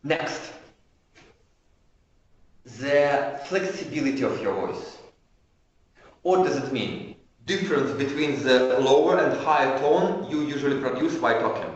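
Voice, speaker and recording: A male trainer giving an online lecture. He explains as he goes, often stops to restart a phrase, and demonstrates changes of pitch and pace with his own voice. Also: animated. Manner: halting, frequent restarts. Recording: echoey room, dull lo-fi sound.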